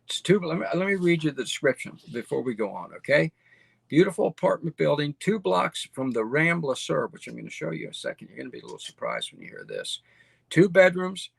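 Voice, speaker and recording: A man's voice: a little high, vocal fry, slightly rough, no room sound. A middle-aged man hosting a show, talking casually and enthusiastically as he walks viewers through a listing on screen, often tagging lines with "okay?" and repeating himself. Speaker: host. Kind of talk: casual screen-share presentation.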